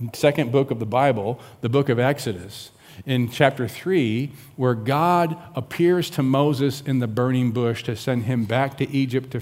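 A man preaching a sermon as a pastor, teaching from scripture in an animated way and acting out the voices of the people in the story. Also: mid-range voice. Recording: long reverb of a large hall.

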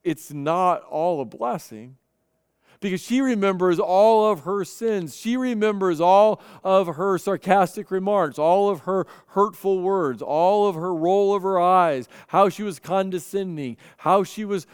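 A man's voice: high-pitched, expressive, measured pace, smooth, no echo, clean studio sound, big-room sound. A man preaching a sermon, telling stories earnestly and often repeating his first word as he goes. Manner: earnest storytelling with frequent repeated starts. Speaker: pastor.

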